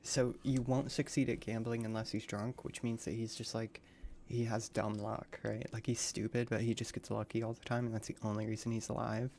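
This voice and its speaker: A man's voice: fairly low pitch, flat delivery, a little fast, vocal fry, darkish tone, slight background noise. A man streaming a game, reading the dialogue aloud and reacting with crude slang and frequent swearing. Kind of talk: casual gaming livestream commentary.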